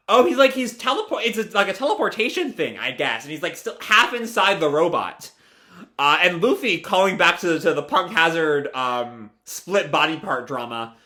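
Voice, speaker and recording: A man's voice: on the high side, expressive, normal speed, bright, forceful tone. A man casually recapping a comic chapter in a live reaction video, talking with many fillers and restarts. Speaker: video creator.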